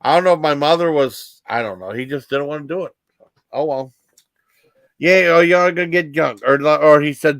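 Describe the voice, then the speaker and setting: A man in his fifties telling rambling personal stories as a vlog host, halting with many fillers and restarts. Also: a little high, a bit bright, dry recording.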